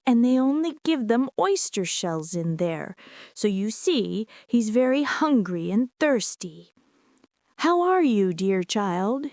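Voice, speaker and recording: Whispered role-play, woman voicing a kindly storybook messenger, hushed, affectionate, dry sound. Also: medium pitch, sing-song, slow, hardly any pauses, no echo.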